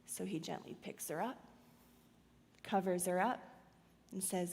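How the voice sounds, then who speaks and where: A woman pastor preaching a sermon in a church auditorium, telling a story dramatically with loud and hushed swings. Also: on the low side, a little slow, creaky, pauses often, long reverb tail.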